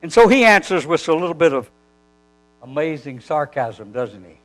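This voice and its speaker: Casting note: male preacher, fairly high, very lively voice, animated storytelling that acts out each exchange. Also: normal speed, poor audio. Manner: animated storytelling, acting out quoted dialogue. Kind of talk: sermon.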